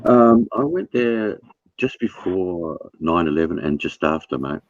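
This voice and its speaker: Very deep-voiced blunt man, muffled. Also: expressive, a little slow, no room sound. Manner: blunt, swears, says mate. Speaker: show host. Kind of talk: casual chat.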